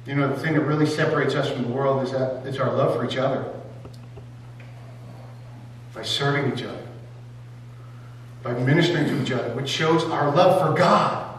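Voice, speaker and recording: A male pastor with a fairly high voice delivers an emphatic sermon, often turning to rhetorical questions. The sound comes from a distance and booms around a large, reverberant church hall, with a faint hum beneath it. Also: a bit bright. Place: church sanctuary. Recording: echoey hall, mic far off, faint hum.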